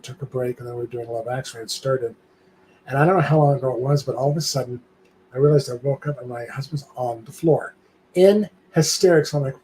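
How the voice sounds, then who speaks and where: An older man chatting on a live stream, spinning a lively anecdote and slipping into the voices of the people in it. His pitch sits in a middle range, and a faint hiss runs beneath his voice. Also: poor audio. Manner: animated storytelling, acting out quoted voices. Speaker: guest. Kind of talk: casual live-stream chat.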